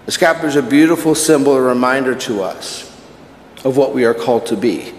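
Priest preaching in an echoey church. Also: male voice, medium pitch, fast, a little mellow, a little hiss or hum. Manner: conversational preaching with personal anecdotes. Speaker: Catholic priest. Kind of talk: sermon at Mass.

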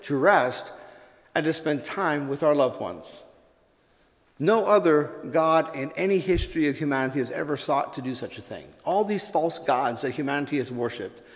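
A man's voice: a little high, long reverb tail. A man, a pastor, giving a sermon, telling a joke before moving into earnest preaching.

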